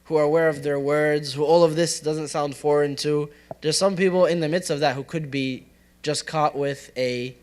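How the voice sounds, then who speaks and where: Man, young, religious teacher, casual conversational talk, asks the audience questions, joking, fairly high pitch. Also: fairly even intonation, normal speed, darkish tone. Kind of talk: interactive study circle talk. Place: community center classroom.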